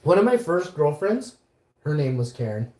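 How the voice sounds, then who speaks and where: A woman from Winnipeg, telling a story on a casual livestream, animated and swearing, acting out the quotes. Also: low voice, normal speed, reverberant. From Winnipeg, Canada.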